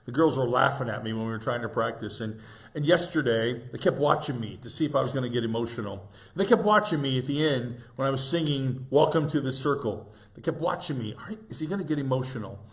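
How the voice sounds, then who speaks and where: An older pastor in his sixties shares a devotional reflection in a tender, thoughtful way. He often pauses and restarts his sentences. His voice sits at an ordinary middle pitch.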